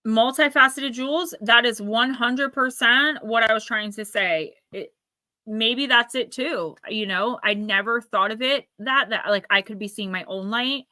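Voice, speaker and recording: A woman's voice: fairly high pitch, bright, forceful tone, no room sound. A woman in her forties with a New Jersey accent, hosting a live tarot reading and chatting with viewers by name. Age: 40s. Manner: chatty, talks to viewers by name, quick asides. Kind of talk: live-stream intuitive reading.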